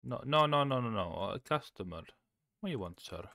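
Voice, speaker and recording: A man streaming a cooking game, chatting casually, swearing and suddenly shouting. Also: mid-range voice, lively intonation, fairly quick, vocal fry, no room sound, studio quality. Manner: chaotic, swears, bursts of shouting. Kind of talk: casual gameplay chat.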